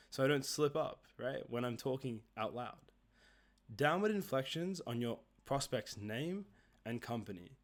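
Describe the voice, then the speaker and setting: A man, giving a conversational coaching lesson on sales calls and often checking in with "right?" and "okay?". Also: medium pitch. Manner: explains casually, often tags "right?" and "okay?".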